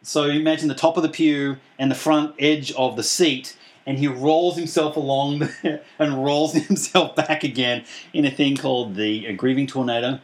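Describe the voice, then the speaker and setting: A man's voice: medium pitch, steady tone, moderate pace. A man hosting a podcast in casual chat, rambling and laughing often as he retells a show. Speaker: podcast host.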